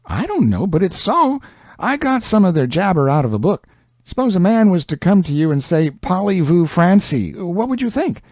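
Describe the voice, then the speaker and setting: A man's voice: sits high, very animated, moderate pace, a little mellow, dry recording, pitched above the performer's own voice. A man voicing a clever young boy with a who eagerly argues a point in an audiobook reading. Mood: persuading.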